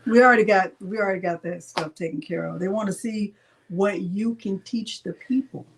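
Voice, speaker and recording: A woman's voice: medium pitch, normal speed, slight background noise. A woman hosting a live crafting tutorial, chatting casually and teasing with frequent laughter. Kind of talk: casual live-stream chat.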